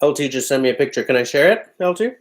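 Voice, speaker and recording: A man's voice: mid-range voice, expressive, rapid-fire. A man hosting a livestream from home, casually chatting and reading out viewer comments in a loose, offhand way. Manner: loose, chatty and offhand, often breaking into laughter. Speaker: livestream host.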